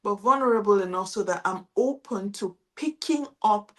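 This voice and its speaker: A middle-aged woman, an international teacher, giving calm, reflective advice as a guest in a podcast interview. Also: mid-range voice, moderate pace. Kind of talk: casual interview chat.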